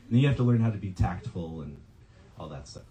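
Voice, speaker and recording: Hesitant man reading poetry, dark voice. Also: sits low, lively intonation, rough recording. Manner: halting, hesitant, many ums and uhs. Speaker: poet reading at an open mic. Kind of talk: poetry reading with casual asides. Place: bookstore poetry night.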